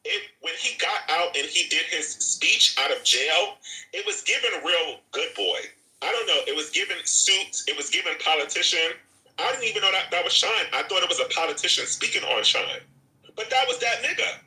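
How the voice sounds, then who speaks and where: A man's voice: sits high, expressive, normal speed, sharp tone, echoey room, poor audio. A man hosting a live audio chat room, ranting in a profane, repetitive way. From Jamaica. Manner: profane, repetitive, talks over himself. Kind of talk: animated rant.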